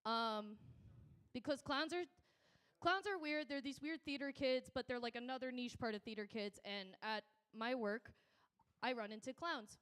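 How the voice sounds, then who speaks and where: A woman's voice: fairly high pitch, moderate pace, fairly bright tone, smooth. A woman doing a stand-up set on a club stage, telling a rambling, self-interrupting story into a handheld mic. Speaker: stand-up comedian.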